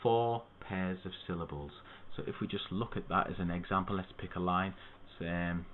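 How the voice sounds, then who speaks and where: A man explains a poem to students in a steady, methodical way, now and then stopping for an aside. His voice sits a little low. The sound is thin and tinny, as if it came down a phone line. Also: moderate pace, few pauses, slight background noise. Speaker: English literature tutor.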